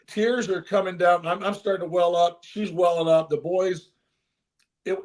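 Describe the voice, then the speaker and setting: An older man, a former baseball manager, telling an emotional story in an interview with earnest, animated delivery. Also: high voice, moderate pace. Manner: earnest, animated, with frequent restarts.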